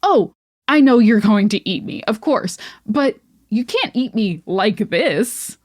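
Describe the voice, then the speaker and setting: A woman voicing a clever young village woman who calmly bargains with goblins. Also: medium pitch, slow pace, no room sound, studio quality. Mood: bargaining. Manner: bargaining coolly.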